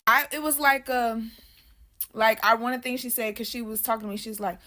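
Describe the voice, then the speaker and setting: A woman's voice: on the high side, steady tone, brisk, bright, forceful tone. A young adult woman telling a spooky story in a casual, slangy way, talking straight to her viewers.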